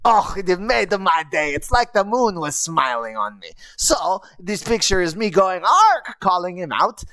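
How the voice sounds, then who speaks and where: A woman telling a story in broken goblin-style speech, with an animated voice and casual swearing. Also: lowish voice, moderate pace, no room sound. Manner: animated, swooping voice. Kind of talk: in-character storytelling.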